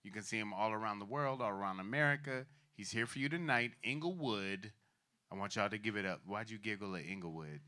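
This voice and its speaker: A man's voice: fairly low pitch, a little fast, bright, forceful tone. A man hosting a stand-up show, joking with the crowd and hyping up the next comic with loose, laughing banter. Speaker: comedy show host.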